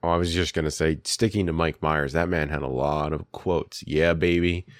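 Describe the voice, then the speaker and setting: Very deep-voiced man in casual chat. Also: steady tone, no room sound, studio quality. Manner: rambling, self-correcting, quick to laugh. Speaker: podcast co-host.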